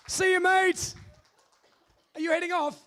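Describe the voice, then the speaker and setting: An Australian man hosting a live comedy game show on stage, loud and playful, bantering with the crowd. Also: very high voice, level tone, unhurried. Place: live convention stage with audience.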